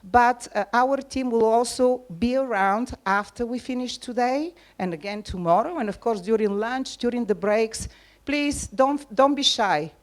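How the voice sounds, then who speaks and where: A woman's voice: fairly high pitch, unhurried. A woman presenting a live seminar, speaking directly to the audience and inviting them to ask questions.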